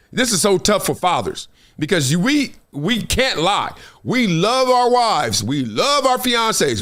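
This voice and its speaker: Animated slangy middle-aged male host. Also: high-pitched. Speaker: host, former football player. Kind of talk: casual livestream talk.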